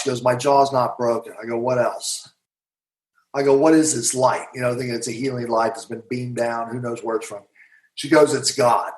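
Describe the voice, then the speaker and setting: A man, a guest author and hypnotherapist, recounting a client's session in an interview and voicing both sides of the exchange. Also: mid-range voice. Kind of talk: storytelling in a podcast interview. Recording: roomy echo.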